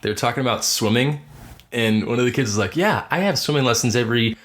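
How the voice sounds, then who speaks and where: A young man co-hosting a podcast, telling stories in a lively, casual way, swearing and mimicking kids. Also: mid-range voice, quick pace. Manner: animated storyteller, swears, acts out kids' voices. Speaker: podcast co-host. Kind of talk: casual chat.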